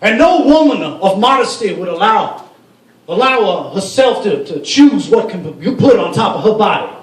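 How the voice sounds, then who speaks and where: A man's voice: high-pitched, big pitch swings, moderate pace. A man voicing a pompous male cleric-politician giving a speech in a mock Arabic accent. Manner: pompous, oratorical. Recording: roomy sound from a far mic.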